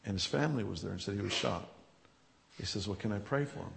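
A man's voice: lowish voice, quick pace, gravelly, background noise. A man who leads a church, telling healing stories in an interview and chuckling as he builds them up. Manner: storytelling, chuckling, grows animated and loud. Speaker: church leader.

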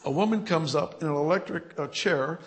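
A man's voice: a little high, brisk. A man who leads a church, telling healing stories in an interview and chuckling as he builds them up. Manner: storytelling, chuckling, grows animated and loud. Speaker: church leader.

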